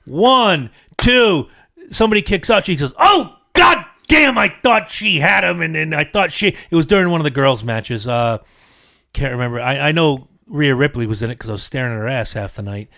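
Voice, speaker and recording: A man's voice: mid-range voice, lively intonation, brisk, a bit bright, no room sound, clean studio sound. A middle-aged man hosting a podcast, telling a rambling, profane story in casual chat, a little congested from allergies. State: coughing from seasonal allergies. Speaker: podcast host.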